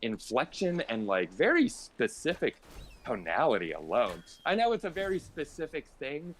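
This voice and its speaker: A man's voice: mid-range voice, huge pitch swings, moderate pace, slight background noise. A man guest on a charity stream, chatting casually with enthusiastic, emphatic fan talk. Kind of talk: casual chat.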